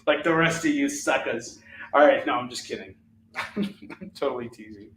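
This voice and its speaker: Speaking at medium pitch with a somewhat bright tone, a middle-aged man runs a live comic book sale from his house, chatting and cracking jokes spontaneously. Light hiss or hum is audible, the room sounds echoey, and he's a little far from the mic.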